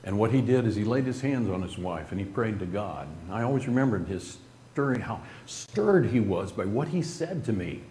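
A man telling a group an emotional personal story in an earnest, halting way, with restarts and some throat-clearing. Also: on the low side, expressive, mellow, roomy sound, a little hiss or hum.

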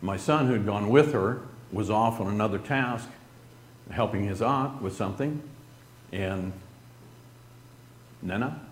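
A middle-aged man with a low voice tells a personal story in an earnest, halting way, letting his voice drop soft at grave moments. The recording is roomy and echoey, with a faint hiss of noise behind him.

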